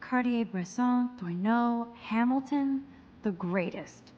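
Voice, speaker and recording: A woman voicing a shy, introspective young photography student in a video game, murmuring her thoughts quietly to herself. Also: a little high, slow pace, muffled recording, slight background noise. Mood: musing. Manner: quiet, self-mumbling inner monologue.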